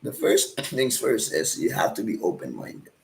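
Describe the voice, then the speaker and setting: A street vendor with a Cebuano Filipino accent casually explains his selling calls to viewers, often ending sentences with "right?" and "guys." His low-side voice is sing-song and creaky at a moderate pace, and the audio is poor.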